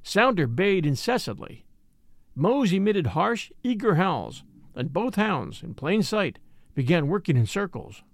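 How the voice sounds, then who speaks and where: A man narrating a written adventure story aloud in a brisk, expressive storytelling manner. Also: high-pitched, vocal fry, no echo, studio quality. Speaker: audiobook narrator. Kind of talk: scripted narration.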